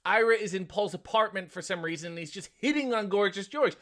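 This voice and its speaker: A man's voice: high voice, expressive, a little fast, fairly bright tone. A man hosting a comedic recap of a TV episode, sarcastic and profane in his storytelling. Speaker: host.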